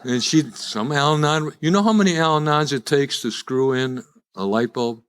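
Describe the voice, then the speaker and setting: A man's voice: medium pitch, moderate pace, a bit bright, clean tone. An older man, speaking to a live audience as a recovery speaker, telling his own story with self-deprecating humor and frequent restarts. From Chicago. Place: live event before an audience.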